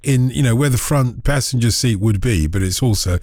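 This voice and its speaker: A man's voice: mid-range voice, darkish tone, dry recording, clean studio sound. A man hosting a radio phone-in, chatting casually and joking with callers. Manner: jokey and chatty, quick asides.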